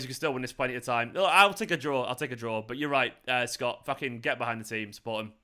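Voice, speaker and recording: A man's voice: medium pitch, brisk, few pauses, sharp tone, clear, resonant tone. A man hosting a live football watchalong, tired and hungover, frustrated and swearing as he answers his chat. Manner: frustrated, swears often, talks back to chat. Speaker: fan channel host.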